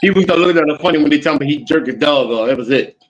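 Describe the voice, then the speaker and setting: A man's voice: a little high, rapid-fire, dull audio, a little hiss or hum. A man from New Jersey co-hosting a podcast, teasing and needling his partner in casual banter. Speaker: podcast co-host.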